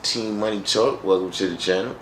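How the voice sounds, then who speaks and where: A man's voice: fairly low pitch, fairly even intonation, fairly quick, echoey room, poor audio. Man, live-stream host, casual wry joking chat, repeats phrases, faint background noise.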